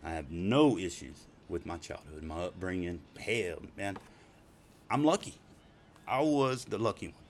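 A middle-aged man spins rough, rambling yarns with plenty of cursing and laughter. His fairly low voice swings widely up and down as he talks. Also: expressive, measured pace, a little hiss or hum. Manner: profane, rambling, laughs often. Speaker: storyteller. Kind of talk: casual spoken storytelling.

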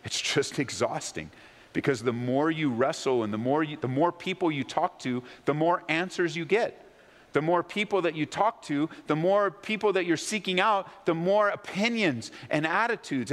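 A man preaching a sermon as pastor, swinging between loud, pleading questions and low, hushed emphasis. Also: normal speed, in a large hall. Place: church sanctuary.

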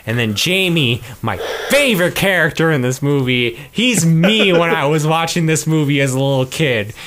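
A man's voice: fairly high pitch, expressive, moderate pace, a bit bright. A man casually retelling a film's plot with laughs and swearing, acting out the characters' lines as he goes. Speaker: podcast co-host. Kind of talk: casual movie recap chat.

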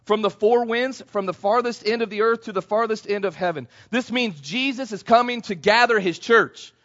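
A male pastor preaching a sermon in a church, animated and calling out to the congregation. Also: sits high, normal speed, lo-fi sound. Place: church sanctuary.

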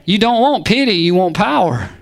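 A man preaching a sermon, animated and punchy, firing rhetorical questions and calls back to the congregation. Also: high voice, moderate pace, gravelly.

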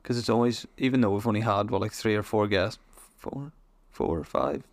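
A man's voice: on the low side, moderate pace. A young man hosting a podcast who chats casually and rambles, restarting his sentences often. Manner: rambling, restarts a lot, chatty. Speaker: podcast host. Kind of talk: casual chat.

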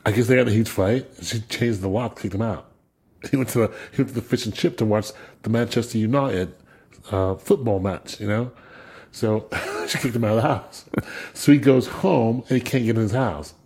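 A man's voice: mid-range voice, husky. A man, a guest musician, telling anecdotes in a casual chat, laughing often and repeating words as he goes. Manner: animated storyteller, laughs a lot, repeats words.

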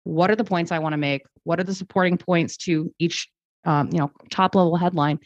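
A woman with a lowish voice speaks fairly quickly and with fairly even intonation, thinking aloud as a guest on a podcast and explaining her ideas with restarts and fillers. She lives in Germany. The recording is dull and lo-fi, completely dry with no room sound.

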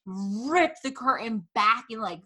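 Woman host, casual storyteller, dramatic and profane, bright, forceful voice. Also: fairly high pitch, lively intonation, slow pace. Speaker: podcast host.

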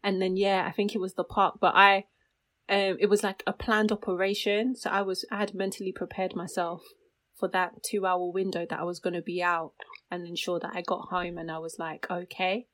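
Young woman, animated storyteller, casual chat. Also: on the low side, moderate pace. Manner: animated storyteller, bursts into laughter.

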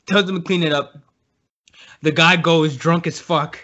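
A man's voice: a little high, unhurried, highs cut off. A young man casually telling a story with lots of swearing, acting out what people said. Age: young adult. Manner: animated, profane, laughing, acts out voices.

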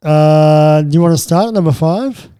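A man co-hosting a casual film chat, relaxed and bantering. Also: on the high side, normal speed, clear, resonant tone, dry recording. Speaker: podcast co-host.

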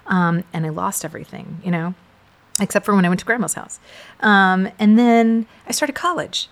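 A middle-aged woman from South Texas, telling her story in a casual conversation, animated and full of fillers. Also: mid-range voice, moderate pace. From South Texas, USA. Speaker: guest sharing her story.

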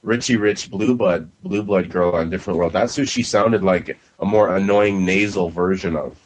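Very deep-voiced man, blunt and profane. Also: moderate pace, low-quality recording. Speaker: podcast co-host. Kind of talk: casual movie review chat.

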